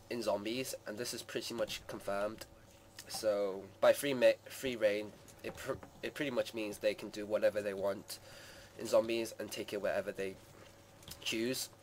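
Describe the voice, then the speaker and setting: Male gaming host, lowish voice, loose rambling live commentary, faint background hum. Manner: rambling, hedging with many "sort of" and "like".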